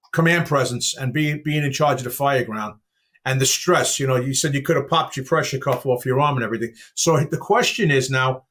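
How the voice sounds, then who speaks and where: A man hosting a podcast, telling stories in a lively casual way and asking questions. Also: fairly high pitch. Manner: animated storyteller with chuckles and asides. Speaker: podcast host. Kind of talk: casual chat.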